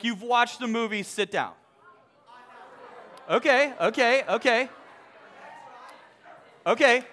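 Bright, high-voiced man polling a crowd. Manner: halting restarts, audience polling. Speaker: speaker addressing a live audience. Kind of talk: lively talk to a crowd, reading aloud.

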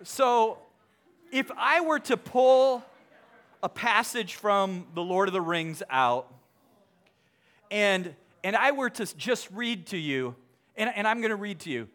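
A young man speaking to a live audience, polling them with quick questions, full of halting restarts, then reading a book passage aloud. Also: sits high, expressive, fairly bright tone. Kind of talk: lively talk to a crowd, reading aloud.

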